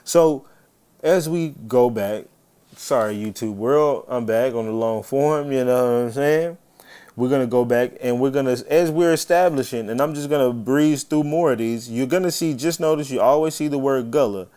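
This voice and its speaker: A man's voice: medium pitch, moderate pace, dark tone, smooth. A man hosting a live stream, chatting casually and swearing freely, greeting viewers by name. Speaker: livestream host.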